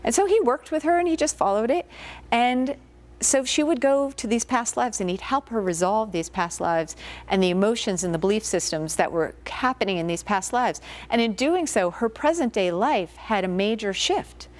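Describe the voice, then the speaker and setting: A woman's voice: on the high side, expressive, moderate pace. A woman hypnotherapist giving an informal guest lecture to students, talking conversationally and telling stories with plenty of filler words.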